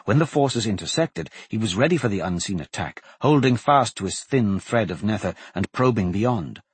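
A man narrating a fantasy audiobook in a measured, steady reading. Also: lowish voice, breathy edge, dry recording.

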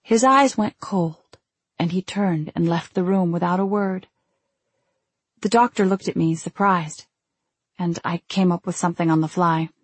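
A woman narrating a first-person novel in a measured, restrained way. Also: fairly low pitch, husky, dry recording. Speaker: audiobook narrator.

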